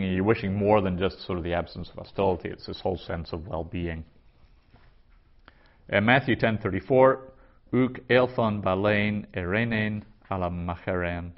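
A man with a fairly low voice teaches a vocabulary lesson, saying each term slowly and twice before he explains it. The recording is dull and lo-fi. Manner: slow, careful pronunciation with repetition. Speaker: Greek teacher.

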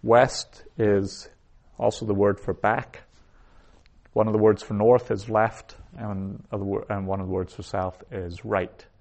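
A man's voice: lowish voice, flat delivery, a little mellow. A man teaching a recorded language lesson, saying each word twice and then explaining it. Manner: slow, repeats each word twice before glossing it. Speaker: Hebrew teacher.

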